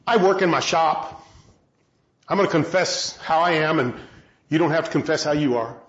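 A man's voice: on the high side, moderate pace, a bit bright. A man preaching a sermon to a congregation, chatty and self-deprecating, asking them questions. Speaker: pastor. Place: large room with a congregation. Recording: roomy, dull sound.

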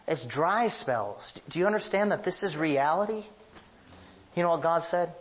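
A man's voice: lively intonation, moderate pace. A man preaching a sermon as pastor, emphatic and confessional, telling personal stories with big swings in his voice. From northern United States. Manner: emphatic, with sweeping pitch rises; confessional, anecdotal storytelling.

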